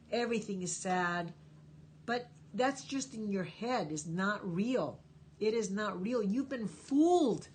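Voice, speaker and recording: There's slight background noise as a woman with a mid-range voice runs a live stream Q&A. She goes through the chat and gives viewers emphatic, encouraging advice about life.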